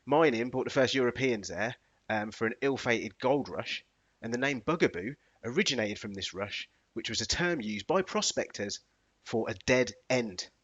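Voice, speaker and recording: A man co-hosting a podcast, chatting casually in animated, slangy banter. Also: medium pitch, husky, highs cut off. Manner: animated, slangy banter with bursts of playful singing. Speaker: podcast co-host. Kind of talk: casual chat.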